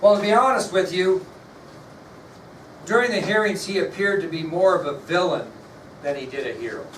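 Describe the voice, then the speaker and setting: Folksy teacher in an echoey classroom. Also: male voice, high voice, moderate pace, a bit bright. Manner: folksy, blunt, quizzes the class. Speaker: history teacher. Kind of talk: classroom lecture. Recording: echoey classroom from far off with noise.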